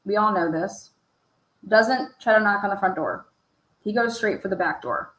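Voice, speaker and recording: A woman talking through case footage in a loose, profane, questioning way. Her voice sits at a middle pitch. It rings in an echoey room. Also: lively intonation, normal speed, fairly bright tone. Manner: profane, rhetorical, asks many pointed questions. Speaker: true crime commentator. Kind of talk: casual commentary over footage.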